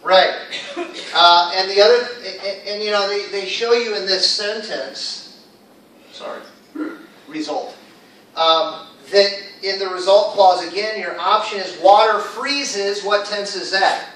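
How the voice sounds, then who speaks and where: A man's voice: sits high, takes it slowly, fairly bright tone, slight background noise. A man teaching an English class in a casual, upbeat way, quizzing his students. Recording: echoey room, far from mic.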